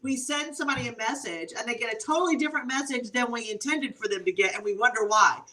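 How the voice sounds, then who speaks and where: A woman consultant, a guest on the show, telling stories in an animated, exclamatory way and laughing often. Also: on the high side, fast, recorded from a distance, rough recording. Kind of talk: storytelling interview answers.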